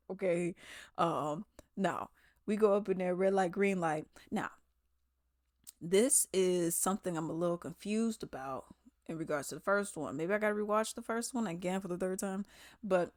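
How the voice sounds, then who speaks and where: A woman vlogger rattles off her opinions in a loose, slangy chat. Her delivery is animated and opinionated, and her voice sits in an ordinary middle pitch. The sound is close and dry with no room echo. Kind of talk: casual commentary vlog.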